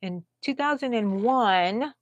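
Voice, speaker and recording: A sixty-year-old woman from Texas hosts a live crochet stream, casual and chatty, with lively intonation and an unhurried pace. She drops into low mutters and whispers while counting stitches, and the sound is lo-fi.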